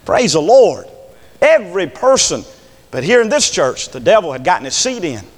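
A man's voice: high voice, sing-song, moderate pace. Preacher guy, fiery sermon, voice jumps all over, big church echo. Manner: preaching with sudden shouted peaks and drops. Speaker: pastor. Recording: long echo in a church hall.

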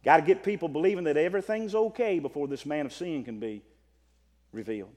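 A man preaching a sermon as pastor, swinging from impassioned near-shouting to calm scripture reading. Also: on the high side, fast talker. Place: church. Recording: long reverb of a church hall.

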